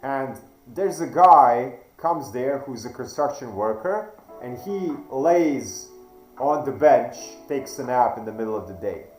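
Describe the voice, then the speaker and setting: A man, not a native English speaker, telling a personal story slowly and deliberately, with hesitant restarts. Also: mid-range voice, expressive, darkish tone, roomy sound, faint music behind, poor audio. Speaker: channel host. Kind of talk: reflective storytelling monologue.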